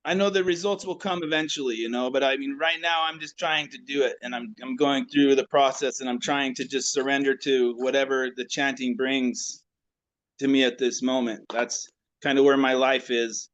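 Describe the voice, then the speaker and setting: A man speaking on a video call, sharing personal reflections in a halting way with many restarts. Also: medium pitch, fairly even intonation, a bit bright. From United States. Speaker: class participant.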